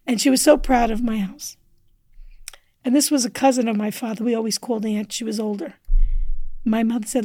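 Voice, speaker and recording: A woman guest on a podcast telling a personal story with earnest feeling, sometimes dropping to a hushed near-whisper. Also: fairly high pitch, fairly even intonation, a little fast, long pauses, dry recording. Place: indoor studio table.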